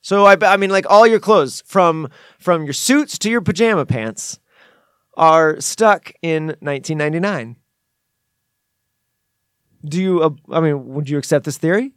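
A man's voice: on the high side, lively intonation, measured pace, pauses often, a bit bright, clean tone, no echo, studio quality. A man co-hosting a podcast, telling rambling stories in a playful, joking way. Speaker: podcast co-host. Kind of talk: casual chat.

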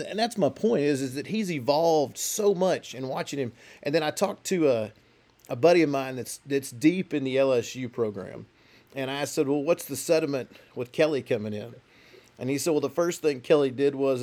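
A man's voice: mid-range voice, darkish tone. A man co-hosting a casual sports podcast, rambling through stories and laughing often. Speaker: podcast co-host.

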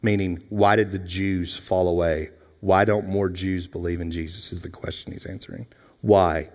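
A man preaching a sermon as pastor, animated and jokey, acting out voices. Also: low voice, moderate pace. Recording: long hall reverb.

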